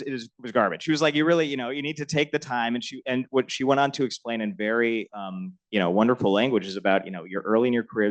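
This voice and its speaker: A man's voice: fairly low pitch, poor audio. A middle-aged man on a lecture panel telling a personal anecdote about his mentor, laughing often and growing emotional as he talks.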